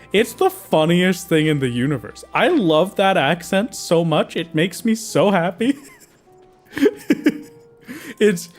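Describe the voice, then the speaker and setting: A man chatting casually with viewers while playing a game on a livestream, in a playful, jokey way. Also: fairly high pitch. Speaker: streamer. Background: faint game music.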